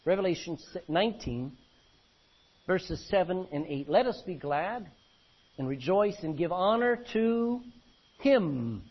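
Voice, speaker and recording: Husky preacher swinging loud and soft. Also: male voice, expressive, slow. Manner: swings between loud emphasis and low quiet lines; reads old-fashioned scripture aloud. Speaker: pastor. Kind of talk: sermon. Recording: dull lo-fi recording.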